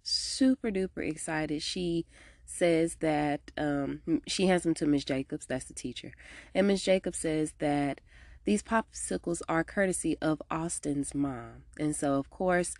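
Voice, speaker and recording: A woman hosting a podcast, casually recapping a TV episode in a slangy, animated way and acting out the characters' lines. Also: a little slow, dry recording, studio quality. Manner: animated, slangy, acts out characters' lines with big pitch jumps.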